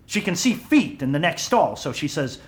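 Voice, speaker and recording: A man's voice: fairly high pitch, very animated, normal speed. An actor playing an easygoing middle-aged family man who chuckles his way through an anecdote at a holiday gathering. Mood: amused. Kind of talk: audio drama.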